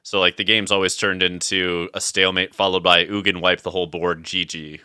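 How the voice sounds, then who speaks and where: A man's voice: deep voice, level tone, brisk, bright, forceful tone, clean tone, dry recording, studio quality. A man streaming a card game match, chatting casually, thinking aloud and laughing often. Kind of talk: casual gaming chat.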